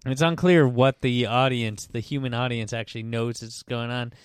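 A man's voice: medium pitch, steady tone, normal speed, smooth, dry recording, studio quality. A man hosting a book podcast, retelling the story in a rambling, profane way full of fillers. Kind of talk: casual chat.

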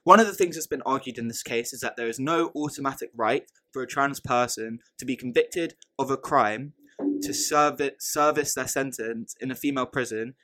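A man's voice: medium pitch, moderate pace, fairly bright tone. A man co-hosting a podcast in casual chat, thinking aloud, repeating words and often checking "right?". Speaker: podcast co-host.

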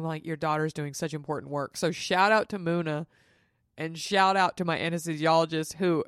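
A woman's voice: low voice, dry recording, studio quality. Chatty young woman telling a story. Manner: chatty, emotional, quotes people in dialogue. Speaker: podcast host. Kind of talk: casual storytelling.

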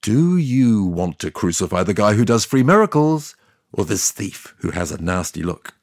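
A man's voice: lowish voice, sing-song, normal speed, dry recording, clean studio sound. A man doing a sly, shrewd Roman governor. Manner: sly, leading, matter-of-fact.

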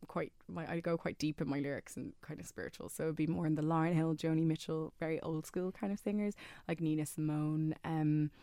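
A woman's voice: low-pitched, steady tone, a little fast, hardly any pauses, dark tone, dry recording. A young woman, a singer and actor, chatting casually as a radio interview guest, giggly and full of fillers.

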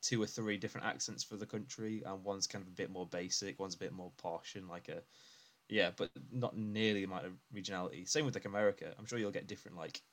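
A man from England in a loose podcast conversation, musing aloud with plenty of ums and restarts. His voice sits fairly low and easy. The talk wanders from one thought to the next. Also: steady tone, fast. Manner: rambling, thinking aloud with many fillers. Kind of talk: casual chat.

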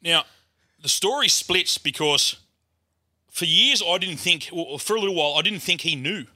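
A man's voice: on the high side, moderate pace, dry recording, studio quality. Sweary Australian man spinning a yarn. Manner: crude, swearing, animated yarn-telling. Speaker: guest comedian. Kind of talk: casual storytelling.

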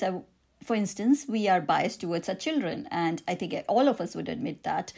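A woman with an Indian accent, an author answering interview questions about her book, reflective and quick to laugh. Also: medium pitch, darkish tone. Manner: reflective, laughs easily, frequent restarts.

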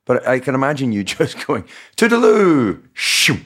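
A man co-hosting a podcast, bantering with quick teasing interjections. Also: medium pitch. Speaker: podcast co-host, former racing driver. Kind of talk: casual banter.

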